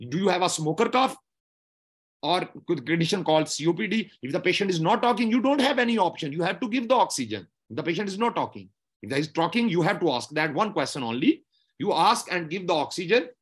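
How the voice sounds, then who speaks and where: In a lecture on medical examination steps, a man talks in a fairly high, a little husky voice that moves up and down considerably. He goes back over points repeatedly, explains carefully, and often asks "okay?" to confirm he's understood.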